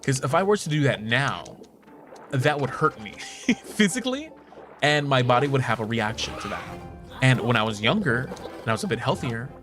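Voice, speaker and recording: Playful, lively young male streamer. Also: medium pitch, moderate pace, music in the background. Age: 20s. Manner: playful, joking, laughs often, swears casually. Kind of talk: casual gaming stream chat.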